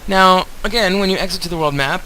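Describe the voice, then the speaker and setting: Bright-voiced chatty male gamer. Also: high-pitched, fast, slight background noise, poor audio. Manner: chatty, rambling, talks straight to viewers. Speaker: let's play host. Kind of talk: casual game commentary.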